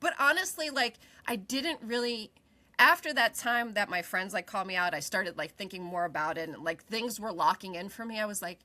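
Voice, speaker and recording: A woman in her forties, a podcast co-host, telling a personal story in casual chat, animated, laughing often and swearing freely. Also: medium pitch, a little fast.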